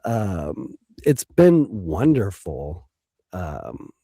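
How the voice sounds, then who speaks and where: A man speaking as a guest in an interview, reflective and hesitant, with frequent pauses and restarts. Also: sits low, sing-song, vocal fry, dark tone, slightly rough, no room sound, studio quality. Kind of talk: casual interview talk.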